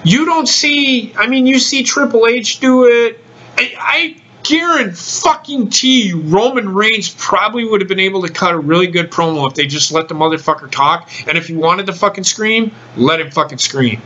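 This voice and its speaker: A man's voice: high voice, animated, normal speed, pushed and bright, muffled recording. A man hosting a casual podcast chat, talking bluntly and swearing freely. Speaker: podcast host.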